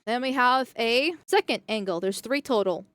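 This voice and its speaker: Sarcastic woman streamer cussing through her commentary, kinda high voice, dry close mic. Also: moderate pace, a bit bright, no echo. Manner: blunt, profane, sarcastic. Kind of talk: casual reaction commentary.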